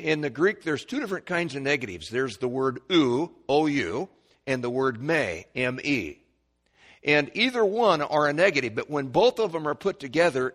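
A man preaching a Bible lesson, chatting at first, then climbing to loud, emphatic peaks when he quotes scripture, with stammered restarts. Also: mid-range voice. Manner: conversational teaching with stammered restarts. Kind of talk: Bible teaching sermon.

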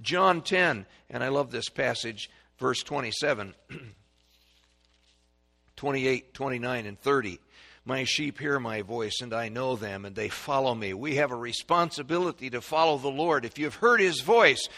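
A man preaching a sermon, reading scripture in old-fashioned wording and calling out verses, swinging between loud stresses and quiet asides, recorded in a church sanctuary. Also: mid-range voice, animated, normal speed, vocal fry. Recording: long reverb of a large hall.

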